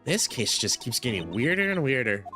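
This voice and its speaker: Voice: mid-range voice, sing-song, normal speed, pushed and bright, faint music behind, voice pushed down. A streamer voicing an earnest young male defense lawyer in a dry, exasperated tone, reading a game aloud. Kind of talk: reading a visual novel aloud.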